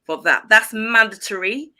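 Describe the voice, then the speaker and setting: A middle-aged woman from Leeds, speaking as a guest in a casual interview, calm and reflective, with light giggles. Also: a little high, normal speed. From Leeds, West Yorkshire, England.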